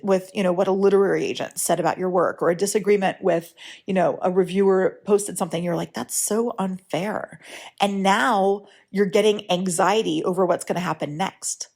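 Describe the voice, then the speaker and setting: A woman's voice: mid-range voice, darkish tone. A woman who works as a writing coach, hosting a podcast in a casual, frank way, often checking in with "right?". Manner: chatty, keeps checking in with "right?"; frank, lightly profane. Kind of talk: casual solo podcast talk.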